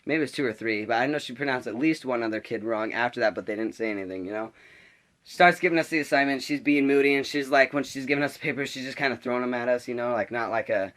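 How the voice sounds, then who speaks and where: A teenage boy vlogging about his school day, his voice at an ordinary middle pitch for a guy. He rambles through the story with quick restarts, stacking one filler word on another as he gets worked up. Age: teens. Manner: rambling, animated, lots of restarts and "like". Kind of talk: casual storytelling vlog.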